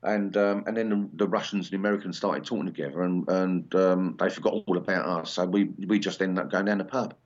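A man's voice: low voice, fairly even intonation, brisk, hardly any pauses. An English man in his sixties, a punk singer chatting in an interview, rambling with many ums and restarts. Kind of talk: casual interview chat. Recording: slightly dull lo-fi sound.

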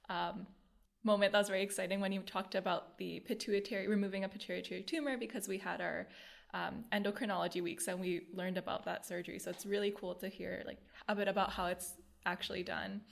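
A woman's voice: mid-range voice, vocal fry. A young woman, a medical student hosting a podcast, asking eager, chatty questions. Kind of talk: casual interview questions.

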